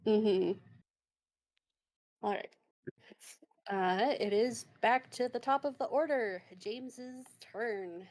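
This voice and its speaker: A woman running a tabletop game as game master, calm and affirming. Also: on the high side, takes it slowly, pauses often, no echo.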